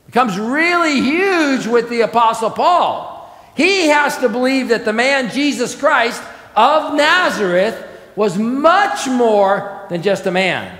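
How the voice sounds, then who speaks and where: A man preaching an expository sermon as pastor, emphatic, asking the congregation questions and letting his phrases fall away softly. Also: very high voice, animated, slow. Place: church sanctuary. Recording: echoey church hall.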